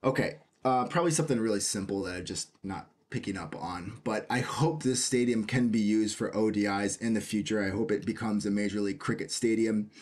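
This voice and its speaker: Casual American male host, slightly low voice, reads news aloud and riffs on it with questions and jokes. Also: a little fast, few pauses, darkish tone. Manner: chatty, asks himself questions, jokey asides. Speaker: cricket video host.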